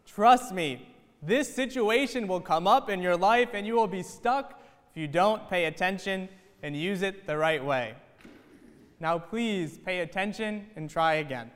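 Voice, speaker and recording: A man's voice: high-pitched, animated, measured pace. A man voicing a stern but caring father who lectures his children on a life skill. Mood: lecturing. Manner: lecturing, insistent. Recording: echoey church hall.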